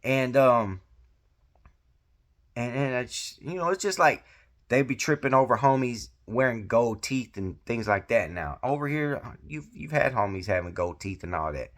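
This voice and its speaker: A man's voice: medium pitch, lively intonation, unhurried, fairly bright tone. Laid-back man vlogging in street slang. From Georgia. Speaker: vlog host giving commentary. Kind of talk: casual commentary vlog.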